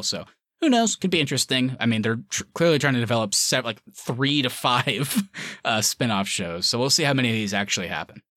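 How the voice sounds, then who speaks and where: A man's voice: lowish voice, sharp tone, no echo, studio quality. A man co-hosting a casual fan discussion podcast, chatty and rambling, with lots of fillers. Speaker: podcast co-host.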